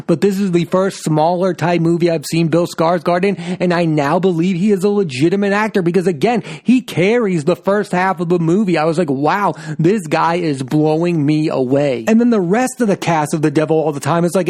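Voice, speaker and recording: A man's voice: a little high, a little mellow. A young man hosting a podcast, giving an enthusiastic, opinionated solo film review in a casual way. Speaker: podcast host.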